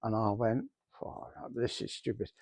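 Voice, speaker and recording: With no room sound, a middle-aged man speaks his church testimony in a lowish, gravelly and slightly mellow voice, keeping a steady tone and measured pace. His storytelling rambles, and he performs the remembered conversations.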